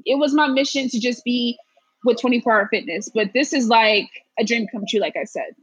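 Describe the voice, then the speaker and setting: A woman's voice: on the high side, a little fast, a bit bright, husky, no room sound, rough recording. A woman guest talking earnestly and emphatically in a casual interview, repeating her phrases for weight.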